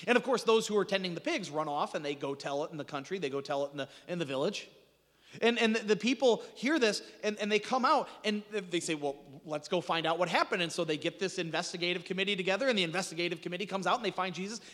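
A man's voice: sits high, fairly bright tone, in a large hall. A man preaching a sermon as pastor, conversational, restarting phrases and asking the congregation rhetorical questions.

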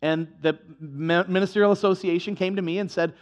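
A male pastor preaching a sermon, animated and humorous, acting out little dialogues as he goes. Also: high-pitched, fairly quick. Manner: animated, acts out dialogues with comic voices.

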